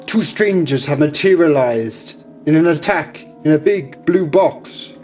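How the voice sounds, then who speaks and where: A man's voice: on the high side, animated, a little slow, darkish tone, faint music behind. A man voicing an officious soldier who serves a villain in a fan-made action figure drama, declaiming sentences.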